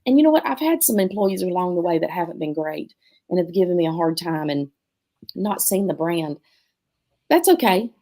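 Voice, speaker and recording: A woman's voice: on the low side, moderate pace. A middle-aged woman who owns a dance studio, telling stories in a casual chat and acting out the voices of people she quotes. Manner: animated, acts out quotes in different voices. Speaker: guest, dance studio owner.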